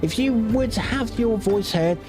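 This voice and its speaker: A man's voice: high-pitched, unhurried, music in the background, pitched above the performer's own voice. A man voicing a gossipy, scheming rumormonger while reading game dialogue aloud, stumbling now and then on long names. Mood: sly, eager.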